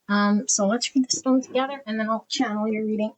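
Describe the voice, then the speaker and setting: A woman giving a pick-a-card tarot reading, talking quietly and evenly and reading card meanings as lists of words. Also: fairly quick, poor audio. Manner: quiet, even and low-key, trying not to be loud early in the morning. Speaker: tarot reader.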